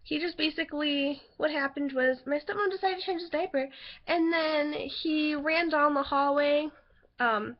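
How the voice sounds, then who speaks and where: High-pitched young woman rambling to her webcam, giggly, lots of ums, kinda dull lo-fi sound. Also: moderate pace. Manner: chatty, giggly, rambling with fillers. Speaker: vlogger. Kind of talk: casual chat to camera.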